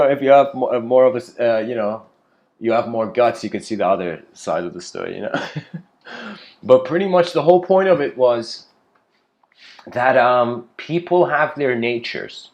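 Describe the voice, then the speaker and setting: A man's voice: medium pitch, muffled recording. Laid-back man rambling through a lecture. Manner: rambling, laid-back, says "you know" constantly, laughs often. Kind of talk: casual spoken lecture.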